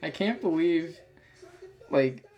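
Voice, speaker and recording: A man's voice: a little high, expressive, slow, a little mellow, muffled recording. Chatty man laughing through commentary. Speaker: co-host and video creator. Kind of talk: casual video commentary.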